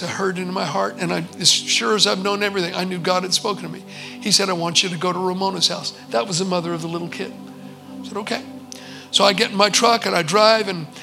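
A man's voice: sits high, creaky, bright, forceful tone, low-quality recording. A man preaching, telling his testimony in an earnest, conversational way with quoted dialogue. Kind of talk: sermon testimony storytelling.

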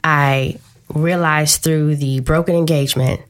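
A woman guest on a talk show, candidly telling a personal story in a quick, open way. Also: deep voice, steady tone.

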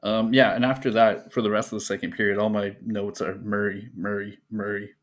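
A man's voice: fairly low pitch, flat delivery, a little fast. A man co-hosting a hockey podcast, chiming in briefly in casual chat. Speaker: podcast co-host.

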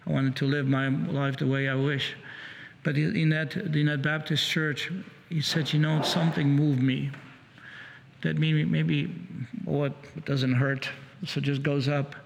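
A man preaching, retelling another man's conversion story in a halting, repetitive way, with many restarts. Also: fairly high pitch, level tone, creaky, a little hiss or hum. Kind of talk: sermon storytelling. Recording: long hall reverb.

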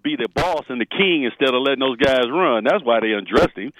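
A man's voice: mid-range voice, animated, a little fast, a bit bright. A man calling in to a sports radio show by phone as a guest, talking in a blunt, teasing way. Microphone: telephone. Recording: phone line with reverb and noise.

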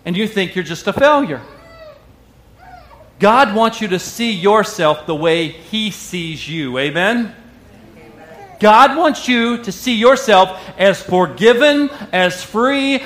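A man's voice: high-pitched, animated, takes it slowly, fairly bright tone. A man preaching a sermon to a congregation, talking to them directly and joking with them between points. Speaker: pastor.

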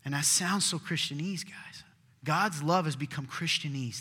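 A male pastor preaching a sermon in an earnest, conversational way, swinging from loud to hushed. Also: fairly high pitch, moderate pace, husky. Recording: long reverb of a large hall.

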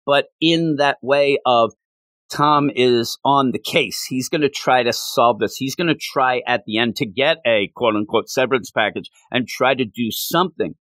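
A man casually recapping a story in an animated, chatty way. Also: medium pitch, dry recording. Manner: animated and chatty, with many fillers.

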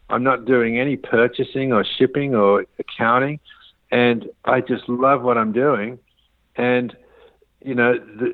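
A man, appearing as an interview guest, rambles through a business story and acts out the quoted dialogue. His voice sits in a middle register. The audio is thin, tinny and phone-like, with no room echo.

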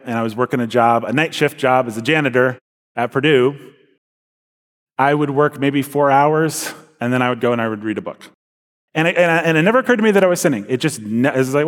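Earnest young man, echoing in a hall. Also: mid-range voice. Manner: earnest, conversational, with frequent fillers and restarts. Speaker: speaker sharing a personal testimony. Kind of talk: casual spoken testimony. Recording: long hall reverb.

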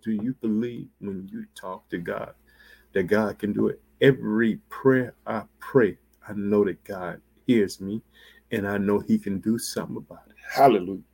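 A man preaching a sermon with fervent emphasis, calling out to his listeners and swinging from loud exclamations to hushed near-whispers. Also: on the low side, steady tone, moderate pace, creaky, husky. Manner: fervent, emphatic, repetitive call-outs to listeners.

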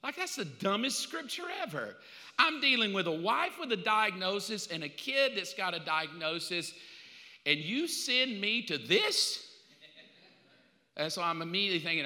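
A middle-aged male pastor preaching a sermon in a casual, animated storytelling way. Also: a little high, moderate pace. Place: church sanctuary. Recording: reverberant church hall.

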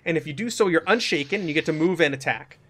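A high-voiced man narrates as game master, walking the players through the rules in a chatty way. He laughs often and then paints vivid scenes for the table. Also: lively intonation, fast talker, fairly bright tone.

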